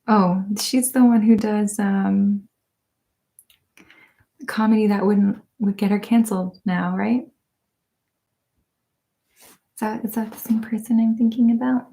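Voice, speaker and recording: A woman hosting an ASMR live stream in casual chat with her viewers. She is soft-spoken, often drifts into whispers and laughs a lot. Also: medium pitch, steady tone, measured pace, vocal fry, pauses often. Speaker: ASMR channel host.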